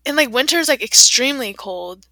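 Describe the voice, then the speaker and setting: A woman's voice: high-pitched, animated, moderate pace, pushed and bright, dry recording. A teenage girl co-hosting a podcast, talking casually and chattily with lots of "like" and frequent laughter. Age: teens. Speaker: podcast co-host. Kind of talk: casual chat.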